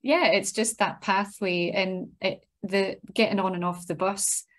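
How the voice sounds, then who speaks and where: A woman's voice: medium pitch, fairly even intonation, measured pace. A middle-aged woman with a Scottish accent, chatting easily as an interview guest and often restarting her words. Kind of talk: casual interview chat.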